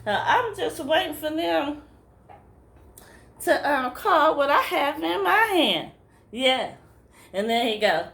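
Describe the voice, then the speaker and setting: Middle-aged lady telling a funny story real slow, kinda high voice, keeps saying yes to herself. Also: creaky, fairly bright tone. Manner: slow drawl, answering herself with "yes, it is" and "mm-hmm". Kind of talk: comic storytelling monologue.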